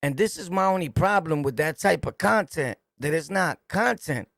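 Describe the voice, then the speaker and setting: A man's voice: a little high, expressive, moderate pace, gravelly, fairly bright tone, no room sound. Streetwise New York man, dry sound. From New York City. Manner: streetwise, repetitive, emphatic. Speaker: host. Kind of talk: casual commentary to a livestream chat.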